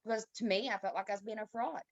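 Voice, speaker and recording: A woman giving a heartfelt, halting testimony on a video call. She is tearful and pauses and restarts often. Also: mid-range voice, dry recording. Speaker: team member sharing a testimony. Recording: dull, dry lo-fi call audio.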